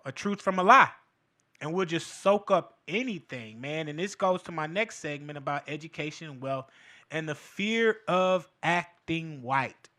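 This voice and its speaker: Animated man with bright, raised voice. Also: fairly high pitch. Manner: animated, emphatic, street slang, frequent fillers. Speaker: podcast host. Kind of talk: casual commentary monologue.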